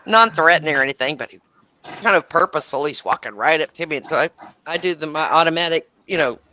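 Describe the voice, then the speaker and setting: A middle-aged woman with a lower voice tells stories in a casual chat. Her pitch swings widely as she acts out the people in them, and she swears freely. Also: animated, fast, pushed and bright, a little hiss or hum. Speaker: show host.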